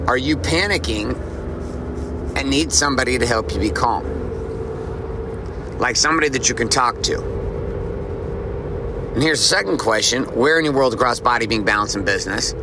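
A man's voice: mid-range voice, background noise. A middle-aged man hosting a podcast, telling a casual story and repeating his key lines for emphasis. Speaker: podcast host.

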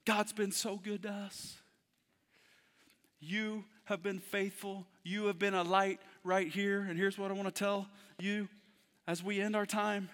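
A man in his thirties preaching a heartfelt sermon as pastor to his church, moving between hushed, tender passages and loud, fervent ones. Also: high-pitched, level tone, a little slow. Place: church service in a theater. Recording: long hall reverb.

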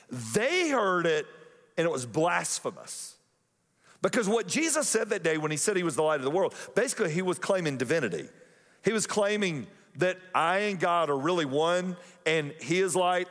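A man with a high voice preaches to his congregation in a relaxed, joking way, drawing the crowd in with questions. His voice rings out with a long reverb in a church auditorium. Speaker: pastor. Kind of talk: sermon.

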